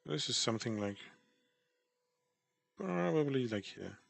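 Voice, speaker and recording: A man's voice: mid-range voice, animated, unhurried, vocal fry. A man chatting casually while drawing on stream, rambling and self-deprecating about his work. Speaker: artist streamer.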